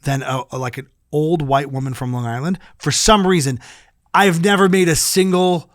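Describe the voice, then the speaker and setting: Comic guy ranting about crowds, swears a lot, a bit high, dry close mic. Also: fairly even intonation, normal speed, no room sound. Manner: profane, rambling storytelling. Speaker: stand-up comedian. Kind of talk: casual podcast chat.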